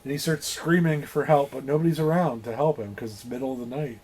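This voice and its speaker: A man co-hosting a casual movie review show, retelling the plot in a lively way with swearing and acted-out quotes. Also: medium pitch, fast, slightly rough. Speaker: podcast co-host.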